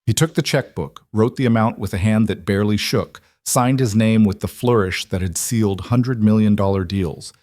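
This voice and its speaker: A man narrating a scripted story in a steady, even delivery. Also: on the low side, moderate pace, hardly any pauses, dry recording.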